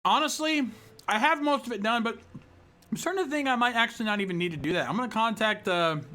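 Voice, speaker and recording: A man with a high, bright voice chatting casually with his livestream viewers. He rambles loosely, with lots of fillers and restarts. It sounds like a home streaming setup with a green screen. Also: fast. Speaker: livestream host.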